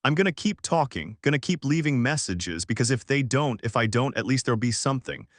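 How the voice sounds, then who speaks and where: A man voicing a frightened twelve-year-old boy trapped underground, speaking in halting, broken-off sentences. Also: mid-range voice, lively intonation, dry recording, studio quality, natural voice. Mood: desperate.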